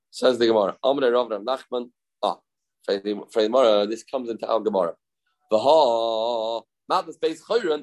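A man explains a Talmud page in a mid-pitched voice. He repeats phrases as he talks the listener through it, mixing in Hebrew and Aramaic terms. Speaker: Talmud teacher.

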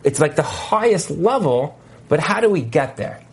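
Animated man telling stories in a lecture. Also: fairly high pitch, normal speed. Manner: animated storytelling with many fillers and asides. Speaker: marriage coach and Torah teacher. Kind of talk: lecture on a video call. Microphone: video call mic.

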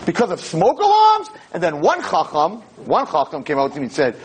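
A man's voice: on the high side, wildly swooping pitch, fairly quick, husky, rough recording. A man, a rabbi and teacher, giving an impassioned lecture, emphatic and sprinkled with Hebrew and Yiddish terms. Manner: emphatic, impassioned, rising to near-shouts. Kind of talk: animated Torah lecture.

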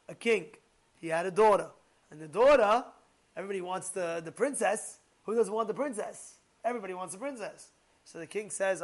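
A man giving a Torah class as a rabbi, animated, repeating points and asking his listeners rhetorical questions. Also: sits high.

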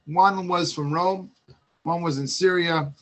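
A man giving a Torah talk, telling an old story in a lively, casual way full of asides and restarts. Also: on the high side, slow.

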